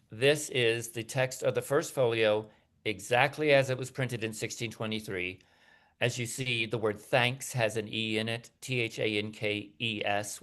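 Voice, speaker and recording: A man giving an academic lecture over a video call, talking hesitantly with many fillers and restarts. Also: medium pitch.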